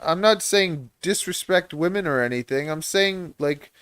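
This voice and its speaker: A man's voice: fairly high pitch, animated, a little slow, a bit bright, smooth, no echo. A man hosting a livestream, chatting in a rambling, self-deprecating way and laughing often. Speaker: livestream host and reptile breeder.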